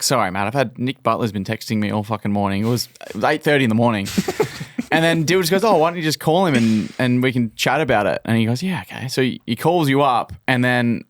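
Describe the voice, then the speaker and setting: Guy telling a story real quick, dead dry mic. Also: mid-range voice, no room sound. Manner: quick retelling with quoted voices, laughing. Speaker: podcast co-host. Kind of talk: storytelling banter.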